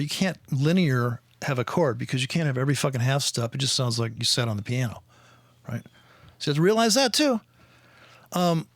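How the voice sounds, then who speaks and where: A man's voice: on the high side, fairly bright tone, no room sound. A man hosting a podcast, ranting in a profane, sarcastic way. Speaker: podcast host and trader. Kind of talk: casual podcast rant.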